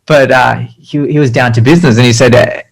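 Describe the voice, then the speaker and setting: A man's voice: mid-range voice, fairly even intonation, brisk, vocal fry, rough recording. Aussie guy rambling through his story, lots of ums, pokes fun at himself. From Australia. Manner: chatty, filler-heavy, self-deprecating. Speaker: interview guest, designer. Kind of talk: casual storytelling interview.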